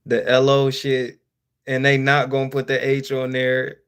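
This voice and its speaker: A man hosting a casual live-stream Q&A, swearing freely and joking with viewers, laughing often and swinging between loud outbursts and quiet asides. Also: mid-range voice, completely flat delivery, a little slow, smooth. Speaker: streamer host.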